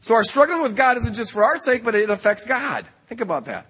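A man giving an animated sermon at a retreat camp, acting out the voices in the stories he tells. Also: extremely high pitch, fairly quick, husky, long reverb tail. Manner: animated, acts out quoted voices. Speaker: retreat speaker.

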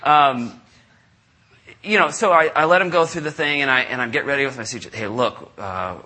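A middle-aged man preaching, telling a story with lively asides and acting out the people in it. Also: fairly high pitch, a little fast. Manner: animated, acts out callers in raised voices. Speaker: pastor. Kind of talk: sermon storytelling. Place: church service.

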